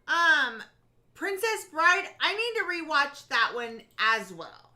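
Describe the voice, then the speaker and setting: Slow-talking, bright woman co-host, giggly. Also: high voice, very animated. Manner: giggly, teasing, reading chat comments. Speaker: live stream co-host. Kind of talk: casual live stream chat.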